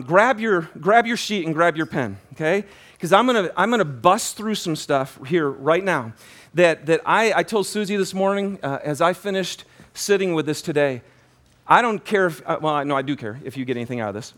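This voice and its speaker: In a slightly high voice, a man delivers a sermon as pastor, telling a lively story full of restarts and repeated words.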